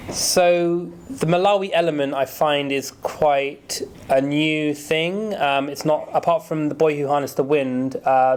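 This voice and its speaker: A man's voice: mid-range voice, a little mellow, smooth. A man, a film director, speaking in a casual radio studio interview and telling his story in a chatty, anecdotal way.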